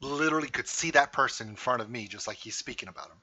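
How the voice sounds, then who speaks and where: A man's voice: medium pitch, fast, sharp tone, husky, dull audio. A man from Louisiana hosting a reaction video, giving emphatic casual commentary with rhetorical questions.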